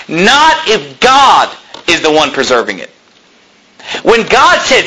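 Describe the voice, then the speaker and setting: Male preacher, kinda raspy, swoops way up high on his big points. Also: sing-song, moderate pace, bright, forceful tone, rough recording. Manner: preaching with rising emphasis, voicing imagined objections. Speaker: pastor. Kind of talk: sermon.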